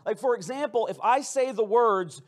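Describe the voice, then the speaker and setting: High-voiced man preaching a playful sermon. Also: moderate pace. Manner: playful, conversational, frequent restarts. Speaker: pastor. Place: church sanctuary with congregation.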